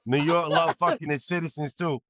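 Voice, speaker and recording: A man's voice: on the high side, steady tone, a little fast, bright, forceful tone, dry recording. A man hosting a podcast in an easygoing, joking way. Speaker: podcast host.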